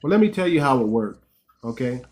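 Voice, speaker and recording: A man's voice: medium pitch, big pitch swings, a little fast, darkish tone, a little hiss or hum. A man hosting a commentary monologue, explaining emphatically and often restarting his phrases while checking in with "right?" and "okay?". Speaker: host.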